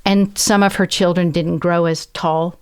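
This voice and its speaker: A woman's voice: on the low side, steady tone, unhurried, darkish tone, clear, resonant tone. A woman with a Southern American accent, a podcast guest, telling a personal story in an earnest, reflective way and acting out the people she quotes. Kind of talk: conversational storytelling.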